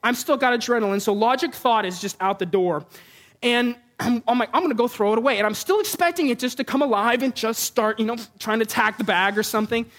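A man preaching a sermon as a pastor before a congregation, telling a funny personal story with animated, self-mocking humor. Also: extremely high pitch, a little fast. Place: church before a live congregation.

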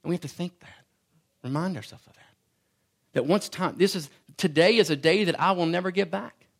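A man's voice: sits high, fairly quick, gravelly. A man in his thirties giving a sermon as pastor, telling self-deprecating stories with stammered restarts.

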